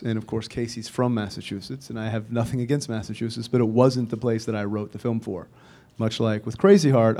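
A film director talks through his choices in a steady, even cadence. His voice sits low and sounds dark and mellow. He speaks deliberately, pausing on the odd filler. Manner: measured, deliberate, with occasional fillers. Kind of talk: press interview answers.

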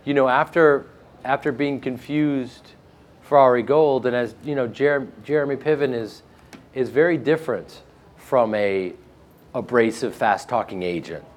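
A man with a flat Midwestern American accent, a guest actor telling joking stories in a casual interview. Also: medium pitch, unhurried. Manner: joking, animated storytelling with laughs.

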